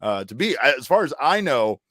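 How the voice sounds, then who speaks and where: A man's voice: medium pitch, sing-song, fairly quick, a bit bright, no echo, clean studio sound. A man hosting a casual sports podcast, upbeat and playful, hyping up his co-host.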